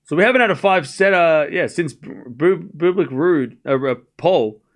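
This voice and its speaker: A man's voice: fairly high pitch, expressive, normal speed. A man hosting a live tennis watchalong, chatting casually with viewers and calling out scores in a jokey, rambling way. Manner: chatty, jokey, calls scores while reading chat. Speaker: watchalong host.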